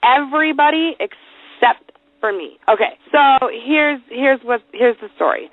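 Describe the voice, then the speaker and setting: A woman hosting a podcast, telling stories in a brash, profane, animated way. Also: high voice, unhurried, no room sound. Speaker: podcast host. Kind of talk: casual storytelling chat. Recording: dry, phone-like narrow sound.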